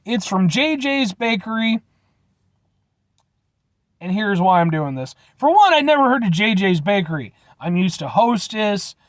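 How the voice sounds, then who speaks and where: A man hosting a casual food review vlog from inside his truck, playful and animated, talking straight to his viewers. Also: sits high, measured pace, no room sound. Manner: animated, playful, keeps addressing viewers as folks.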